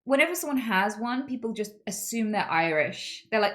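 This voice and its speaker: A woman streaming, chatting casually with viewers in an animated, chatty way and swearing freely. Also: on the high side, moderate pace. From United Kingdom.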